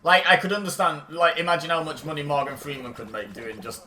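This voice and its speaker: A man's voice: fairly high pitch, fairly quick, pushed and bright, soft background music. A man streaming a game, chatting casually with friends and laughing often in a teasing way. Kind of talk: casual chat while gaming.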